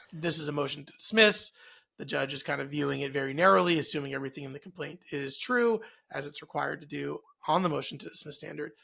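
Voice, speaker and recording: A male podcast co-host chats casually about the news. His voice sits a bit high and carries a steady gravelly fry. He thinks aloud, circling back with fillers and self-corrections. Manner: loose and chatty, many fillers and restarts.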